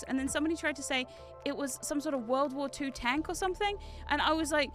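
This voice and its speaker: Bright-voiced, rambling British-Kiwi woman. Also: high-pitched, fast, soft background music. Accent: British mixed with New Zealand. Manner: rambling, tangent-prone, swears freely, laughs often. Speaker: streamer. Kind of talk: casual gaming stream chat.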